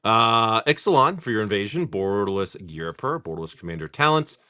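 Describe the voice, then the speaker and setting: A man hosting a live stream, rambling casually, swearing freely, and reading off card names in quick lists. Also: on the low side, animated, sharp tone, clear, resonant tone, dry recording. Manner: rambling, swears freely, laughs often at chat. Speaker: live-stream host opening card packs.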